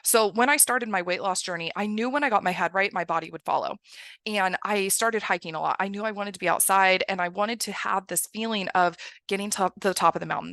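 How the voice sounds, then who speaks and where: Woman, success coach, motivational talk, fast delivery, emphatic, dry close sound. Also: medium pitch, fairly bright tone, no echo. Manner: emphatic, keeps asking "right?".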